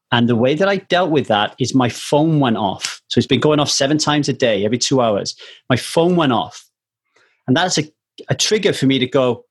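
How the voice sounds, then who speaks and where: A man's voice: medium pitch, breathy edge. A man hosting a casual conversation, earnestly telling a personal story in a reflective way.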